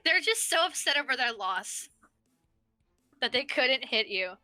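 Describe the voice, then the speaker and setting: Bright-voiced young woman game master. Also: sits high, big pitch swings, takes it slowly, no room sound, faint music behind. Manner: playful, breaks into laughter. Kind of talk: narrating a tabletop game.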